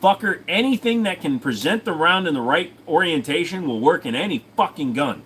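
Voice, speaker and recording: Casual male streamer, brash and profane, rambling with an animated delivery. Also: a little high, fairly quick, a little hiss or hum. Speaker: host. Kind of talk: casual livestream chat.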